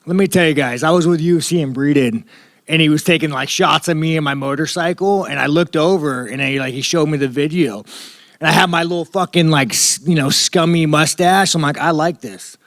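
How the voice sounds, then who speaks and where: Brief: man in his thirties, fighter at a media scrum, profane and rambling, slightly high voice, dry sound. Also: a little fast, fairly bright tone, no room sound.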